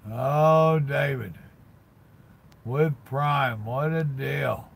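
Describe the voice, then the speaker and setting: Folksy older man, gravelly. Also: mid-range voice, drawn-out words, rough recording. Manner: folksy, drawling, greets chat by name. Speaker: truck driver live-streamer. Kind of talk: casual live stream chat with viewers. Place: parked truck cab.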